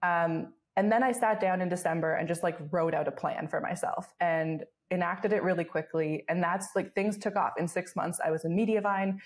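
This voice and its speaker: A woman's voice: lowish voice, fairly even intonation. A young woman in her twenties, a podcast guest telling stories in casual chat, filler-heavy and laughing often. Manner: fast storytelling with many fillers and laughs. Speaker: guest, travel blogger.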